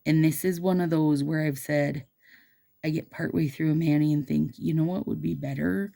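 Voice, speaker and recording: Bubbly and chatty, a nail stylist vlogs about her nails, talking directly to viewers she calls "you guys." She speaks at a moderate pace in a low-pitched, gravelly, dark voice with fairly even intonation.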